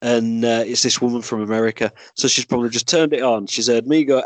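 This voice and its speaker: Barely pausing, a mid-range male voice rattles along quickly on a dry recording. The speaker, from Yorkshire, England, is a podcast guest and movie podcast host; his casual chat is full of rambling stories, laughter, and free swearing.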